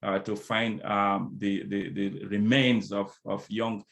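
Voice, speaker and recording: A man's voice: lowish voice, little pitch movement, takes it slowly, vocal fry, a bit bright. A middle-aged man who speaks French as well, giving a motivational conference talk on diversity as a consultant, with call-and-response and repeated phrases, heard over a video call.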